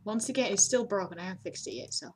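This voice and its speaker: A woman hosting a let's play, talking casually and mocking herself, with sudden high exclamations. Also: fast talker, a little hiss or hum. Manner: chatty, self-mocking, bursts into high exclamations. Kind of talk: casual gameplay commentary.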